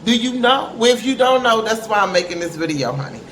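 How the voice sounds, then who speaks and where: A woman's voice: fairly high pitch, lively intonation, a little fast, a bit bright. A middle-aged woman speaks to camera in a candid, emphatic, preachy way, often calling her listeners honey. Her voice rings in a reverberant room. A faint hiss sits under the recording. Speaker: parent giving advice. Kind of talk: candid motivational talk to camera. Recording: echoey room with faint noise.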